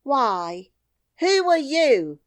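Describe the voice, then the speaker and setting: A woman's voice: high-pitched, big pitch swings, very slow, voice pushed up, exaggerated voice. Woman doing a fretful scolding nursemaid. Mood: indignant. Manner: scolding, indignant, teary.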